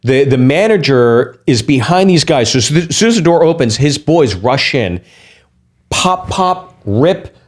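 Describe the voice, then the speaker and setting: A man, a guest comedian, telling a story in lively podcast chat, restarting quickly and acting out quotes. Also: medium pitch.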